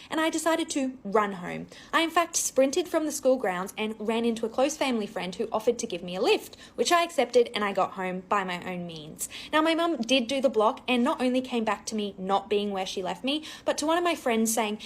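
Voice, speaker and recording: A woman's voice: on the high side, lively intonation, brisk, hardly any pauses. A young married woman telling a childhood story in a wry, matter-of-fact way. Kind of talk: casual storytime.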